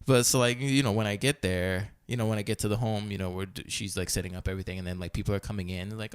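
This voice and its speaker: A man's voice: lowish voice, rapid-fire, hardly any pauses, smooth, no room sound. A man casually telling a story on a podcast, acting out quotes and filling his talk with "like" and "you know". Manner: animated storytelling, acting out quotes in many voices; heavy use of filler "like" and "you know". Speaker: podcast co-host. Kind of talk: casual chat.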